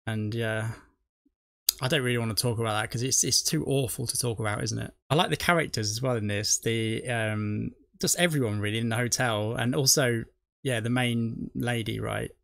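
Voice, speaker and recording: A man's voice: mid-range voice, moderate pace, creaky, fairly bright tone, dry recording, studio quality. A man, the host of a reaction video, rambling chattily and laughing often. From not from the US. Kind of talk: casual chat.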